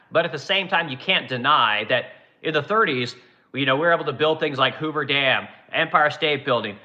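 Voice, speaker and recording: A man's voice: fairly high pitch, pushed and bright. A man from Oregon hosting his own channel, giving an exasperated, profane, sarcastic rant. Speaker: channel host. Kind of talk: profane ranting commentary.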